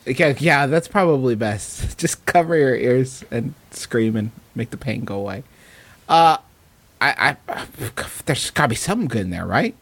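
Male comedy podcast co-host, lively and playful delivery with a wide pitch range. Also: moderate pace. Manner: joking, animated, reads listener questions. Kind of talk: casual comedic banter.

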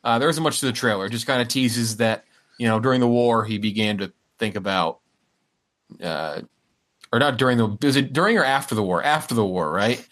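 A man's voice: mid-range voice, a little fast, fairly bright tone. A man co-hosting a podcast in casual chat, rambling along with frequent fillers and restarts. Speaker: podcast co-host.

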